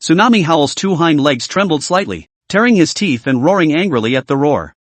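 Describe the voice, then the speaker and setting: Man, recap narrator, steady storytelling, animated intonation, dry close sound. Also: a little high, brisk, no echo.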